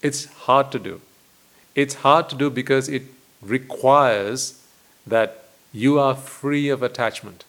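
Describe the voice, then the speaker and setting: A man, a Buddhist monk, giving a dharma talk in a deliberate way, full of rhetorical questions and repetition. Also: medium pitch, a bit bright.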